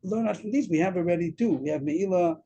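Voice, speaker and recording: Man, husky, mellow tone, Talmud lesson over a video call. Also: sits high, fast talker, highs cut off. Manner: explains step by step, repeats words, mixes Aramaic terms. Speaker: Talmud teacher. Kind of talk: daf yomi Talmud lesson.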